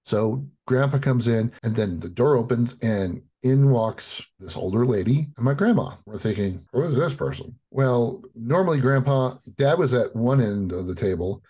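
A man as a podcast guest, telling a personal childhood story in a lively way and acting out the quotes. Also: medium pitch, normal speed, few pauses, breathy edge.

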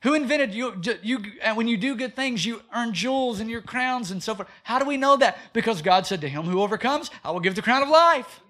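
A pastor delivers a sermon in a fairly high voice, rising and falling as he drives his points home. He asks rhetorical questions and breaks into acted quotes along the way. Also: expressive, fairly quick, few pauses, pushed and bright.

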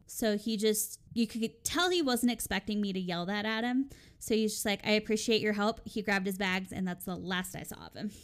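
A woman in casual chat telling an animated story about a hotel night shift, acting out what each person said. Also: mid-range voice, a little fast, clean tone.

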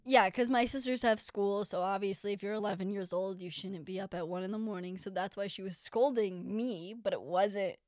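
A young woman co-hosting a podcast with her mother, animated, cutting in and swearing casually. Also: mid-range voice, moderate pace, hardly any pauses, dry recording, studio quality. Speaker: podcast co-host, daughter. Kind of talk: casual chat.

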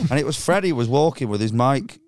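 A man chatting casually about a disastrous gig, his pitch leaping around as he acts out the people in his story. He swears freely. The sound is close and dry, with no room around it. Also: moderate pace, dry recording. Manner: animated, swears freely, acts out voices in stories. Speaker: stand-up comedian. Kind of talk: casual chat, storytelling anecdotes.

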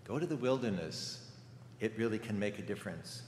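A man's voice: on the low side, lively intonation, fairly quick, a little mellow, a little hiss or hum. Older man preaching in an echoey church. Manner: storytelling, conversational with rhetorical questions. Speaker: guest preacher. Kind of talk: sermon. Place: church sanctuary. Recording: echoey church hall with faint ambience.

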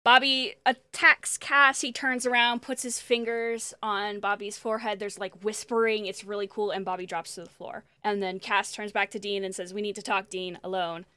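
A woman talks on a podcast in a bright, forceful voice that stays smooth and crisp. She recaps an episode excitedly and swears freely. The sound is close and dry. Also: mid-range voice, normal speed, hardly any pauses, no echo. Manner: animated and profane, acts out quoted lines.

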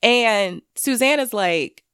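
A woman giving an intense personal monologue to camera, swearing freely and swinging between loud anger and quiet grief. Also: a little high, lively intonation, slow, smooth, dry recording, clean studio sound. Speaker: commentator speaking to camera.

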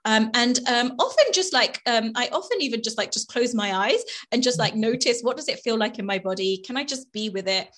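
A woman's voice: a little high, animated, a little fast, hardly any pauses, fairly bright tone. A woman life coach hosting a podcast, who talks openly and reflectively about her own experiences. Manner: open, reflective, shares personal stories. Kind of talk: casual podcast conversation.

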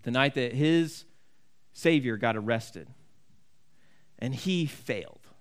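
A man's voice: medium pitch, takes it slowly, clear, resonant tone. A man preaching a sermon in an earnest, conversational way, often restarting his sentences. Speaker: pastor.

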